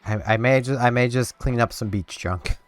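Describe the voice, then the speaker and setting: A man's voice: mid-range voice, normal speed, dry recording. A man giving casual let's-play commentary, rambling and talking to himself and to the game as he plays. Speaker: gameplay commentator.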